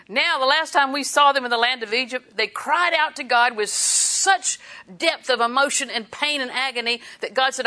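A middle-aged woman giving a sermon, her voice bright and forward. She talks to the congregation in a relaxed, conversational way, breaking into small laughs and acting out quick quoted lines. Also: on the high side. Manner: conversational preaching with chuckles and quoted asides. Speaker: preacher.

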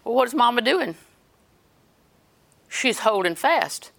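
A woman's voice: fairly high pitch, lively intonation, slow pace, gravelly, a bit bright. A woman preaching a sermon in an earnest storytelling way, quoting scripture as she goes.

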